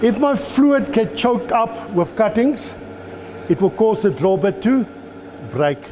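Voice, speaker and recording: A man's voice: sits high, very animated, takes it slowly. A man teaching at a lathe in an engineering workshop, giving a patient, step-by-step demonstration. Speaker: lecturer. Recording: reverberant workshop with faint ambient noise.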